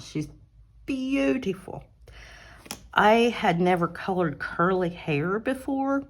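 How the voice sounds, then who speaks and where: A woman with a slightly low voice talks slowly and easily as she shows her colored pages. She chats casually, with fillers and small restarts. She is recorded on a phone held on an arm at her craft table at home. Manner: chatty and relaxed, with fillers and self-corrections. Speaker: adult coloring channel host. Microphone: phone on an arm mount.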